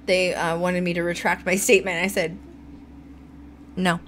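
Animated ranting woman podcast host. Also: fairly low pitch, moderate pace, crowd noise. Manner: animated, ranting, laughs often. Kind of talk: casual chat.

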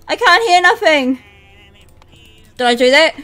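A woman's voice: high voice, animated, measured pace, pushed and bright, soft background music. A woman streaming a horror game live, panicking, yelping and muttering repeated phrases under her breath. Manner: panicky, yelps and shrieks, nervous chatter. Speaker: gaming streamer.

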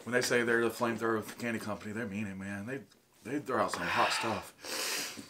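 A man's voice: lowish voice, steady tone, brisk, noisy background. A man with an Ohio accent chatting casually on a food challenge vlog while gasping and groaning through burning heat. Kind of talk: casual chat.

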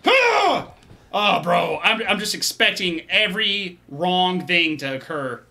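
A young man narrates his horror game play with a high, very bright voice. He startles easily, swears often and keeps talking to himself as he moves along. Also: unhurried, vocal fry. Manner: jumpy, swearing, talks to himself. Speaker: gaming YouTuber. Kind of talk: let's play commentary.

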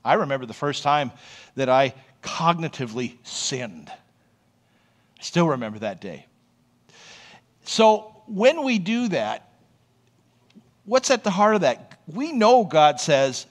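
A man's voice: fairly high pitch, takes it slowly, pauses often. A man who is a pastor, preaching a sermon in a conversational, storytelling way and often checking in with the congregation. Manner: storytelling, animated.

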